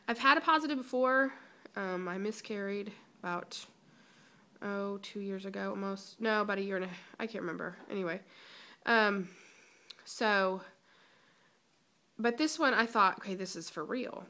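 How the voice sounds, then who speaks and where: A woman's voice: mid-range voice, vocal fry, sharp tone. A young woman giving a chatty, emotional personal vlog update, holding back tears, with many ums and restarts. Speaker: vlogger.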